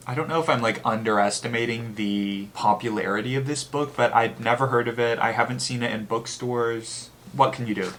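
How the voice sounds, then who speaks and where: A man's voice: medium pitch, a bit bright. Rambling, candid man chatting about books. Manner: rambling and candid, with frequent "like" and swearing. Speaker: book channel host. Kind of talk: casual book review chat.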